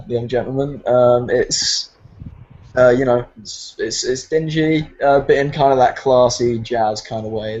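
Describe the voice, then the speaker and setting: A man's voice: medium pitch, a little mellow, muffled recording. A man with a British accent narrating as game master, rambling with many fillers.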